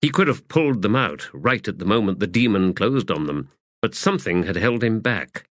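Low, bright-toned male narrator. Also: expressive, normal speed, dry recording, studio quality. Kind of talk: scripted fantasy audiobook narration.

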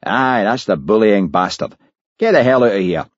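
A sour middle-aged Scottish builder, as a man reading the story plays him, curt and gruff. The low voice is dark and husky. The recording is dull and lo-fi. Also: very animated, moderate pace, no room sound. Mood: hostile.

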